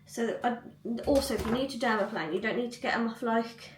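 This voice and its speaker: A woman's voice: on the high side, fairly quick, roomy sound, far from the mic, noisy background. A young woman vlogging in casual chat at home, rambling, with lots of likes and ums. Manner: chatty, rambling, many fillers. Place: cluttered home room.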